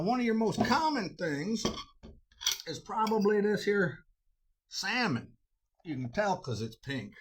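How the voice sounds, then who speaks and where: A man's voice: on the high side, slight background noise. A man, hosting a cooking show in a folksy, rambling way. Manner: folksy, drawling, with frequent uh fillers.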